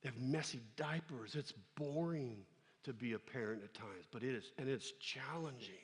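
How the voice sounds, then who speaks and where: A man preaching a lively sermon to students, telling a story and acting out its voices. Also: medium pitch, normal speed, long reverb tail. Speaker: pastor. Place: church hall.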